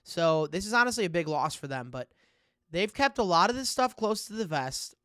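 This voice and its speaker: A man's voice: sits high, big pitch swings, normal speed, bright, forceful tone, dry recording, studio quality. A man co-hosting a casual sports podcast, joking and laughing often. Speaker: podcast co-host.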